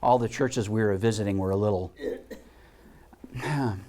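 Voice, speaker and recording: A man's voice: on the low side, moderate pace. A man giving a heartfelt storytelling talk to a spiritual community, acting out the voices of people in his stories. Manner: animated storyteller, acts out voices. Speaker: guest speaker and musician.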